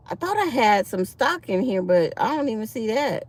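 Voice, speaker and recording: A woman's voice: a little high, sing-song, moderate pace. A middle-aged woman hosting a casual livestream, chatty and laughing, calling her viewers y'all. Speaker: livestream host.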